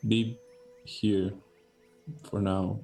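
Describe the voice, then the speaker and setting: A man voicing a grieving male orc warrior who speaks in short, halting phrases. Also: lowish voice, little pitch movement, creaky, dark tone, recorded from a distance, faint music behind, heavily acted.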